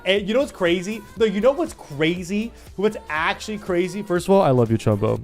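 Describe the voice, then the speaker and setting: Young man, fairly high voice, teasing livestream banter, faint music behind. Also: lively intonation, fairly quick, few pauses. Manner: playful, teasing mock rants at chat. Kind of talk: casual livestream chat.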